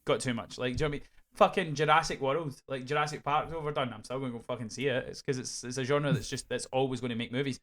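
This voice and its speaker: A Scottish man co-hosts a casual podcast reviewing films, speaking fast in animated bursts. He swears freely and often restarts his sentences, and his pitch is an everyday middle range.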